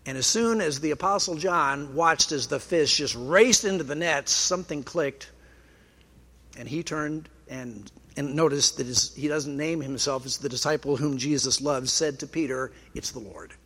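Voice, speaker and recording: A man's voice: on the high side, normal speed, fairly bright tone. A man preaching a sermon in a conversational way, with dry self-deprecating humor. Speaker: pastor.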